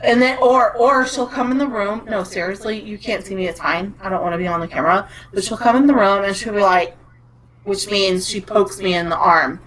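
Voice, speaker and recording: A woman's voice: mid-range voice, a little fast, fairly bright tone, low-quality recording. A woman in her thirties on a podcast, rambling through a story in a casual, chatty way with laughter. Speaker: podcast co-host. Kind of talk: casual chat.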